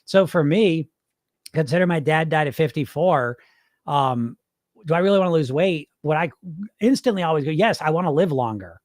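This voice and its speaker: A man with a fairly high voice runs a casual live weight loss show, talking bluntly and emphatically with plenty of swearing as he answers viewers. The sound is dry and close, with no room around it. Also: expressive, moderate pace, no room sound. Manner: blunt, profane, emphatic, reads viewer comments. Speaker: weight loss hypnosis coach. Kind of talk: casual live-stream podcast.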